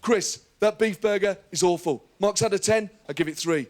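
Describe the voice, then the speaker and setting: A man's voice: high-pitched, normal speed, heavy background noise, natural voice. A man doing an impression of a blunt, foul-mouthed male celebrity chef. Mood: scornful. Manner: blunt, swearing.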